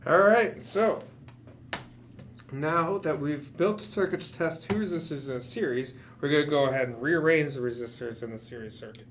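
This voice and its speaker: A man's voice: a little high, fairly bright tone, a little hiss or hum. A man at a hobby workbench reading instructions aloud step by step, with dry jokes in between. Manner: jokey, reads steps aloud deliberately. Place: hackerspace workshop.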